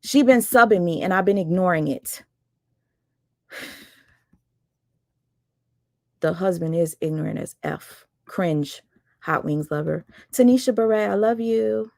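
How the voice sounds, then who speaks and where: A woman's voice: lowish voice, measured pace, gravelly, pauses often, a little mellow, no room sound, clean studio sound. A woman hosting her livestream, calling someone out in a blunt, sarcastic, fired-up casual rant. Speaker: livestream host.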